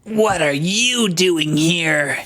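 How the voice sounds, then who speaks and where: A smug young trainer who crowns himself ruler of a mountain drawls out every line slowly, dripping with contempt, as a man reads him aloud. It is a comedic fanfiction read-aloud, played straight. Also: a little high, lively intonation, pushed and bright, heavily acted. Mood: contemptuous.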